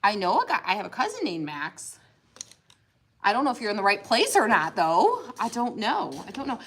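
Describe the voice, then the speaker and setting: A woman's voice: mid-range voice, huge pitch swings, normal speed, a bit bright, slight background noise. A woman chatting casually on a craft livestream, giggly and talkative, saying "y'all" often. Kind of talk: casual livestream chat while painting. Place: home craft room.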